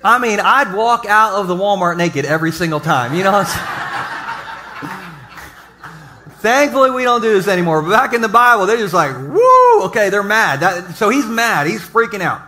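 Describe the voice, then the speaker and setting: A pastor preaching a humorous sermon to a live congregation, telling jokey stories and throwing asides to the audience. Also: male voice, high voice, expressive, moderate pace, bright, forceful tone, a little hiss or hum. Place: church service before a live congregation.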